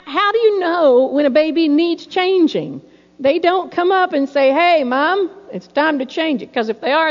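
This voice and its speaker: A middle-aged woman preaching a sermon, telling folksy personal stories in a lively, storytelling way. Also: high-pitched. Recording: dull sound in a reverberant hall.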